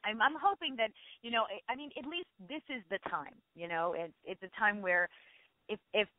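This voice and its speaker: A woman's voice: mid-range voice, no room sound. A middle-aged actress chatting effusively as an interview guest, often restarting her sentences. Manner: effusive, chatty, quick self-corrections. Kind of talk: casual interview chat. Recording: dry tinny phone line.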